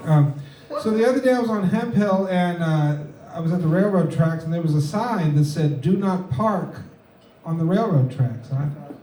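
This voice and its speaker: A man doing a stand-up set in a comedy club, delivering deadpan one-liners with halting fillers. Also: on the high side, recorded from a distance. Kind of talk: stand-up set at an open mic. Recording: echoey room, mic heard from afar, faint noise.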